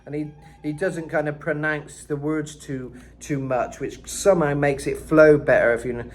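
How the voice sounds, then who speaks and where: A man's voice: a little high, steady tone, normal speed, faint music behind. A man giving a casual vocal lesson, talking loosely with lots of "kinda" and "you know.". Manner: breaks into screamed metal demos. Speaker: vocal coach.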